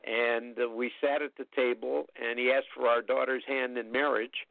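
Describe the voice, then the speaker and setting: An older man telling rambling, chatty anecdotes as an interview guest, with frequent pauses. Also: medium pitch, flat delivery, gravelly, no room sound, phone-quality sound. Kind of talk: storytelling anecdotes in casual conversation.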